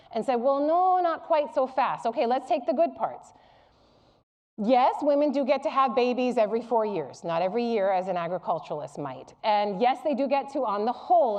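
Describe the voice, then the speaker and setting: A middle-aged woman giving a public lecture to a live audience, candid and humorous as she tells personal stories. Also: a little high. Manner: candid, humorous, animated storytelling.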